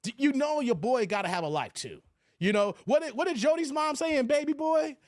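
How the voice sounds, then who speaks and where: A man's voice: very high voice, animated, brisk, no room sound. Man, live-stream host, casual slangy chatter, swears a lot, dry close mic. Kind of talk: casual live-stream commentary, reading chat. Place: New York area.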